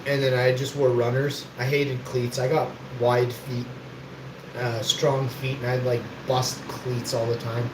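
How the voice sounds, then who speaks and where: A man's voice: medium pitch, flat delivery, unhurried. Boastful man in an echoey room. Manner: boastful, swears freely, rambling. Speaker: livestream host. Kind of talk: rambling livestream storytelling. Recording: echoey room with background noise.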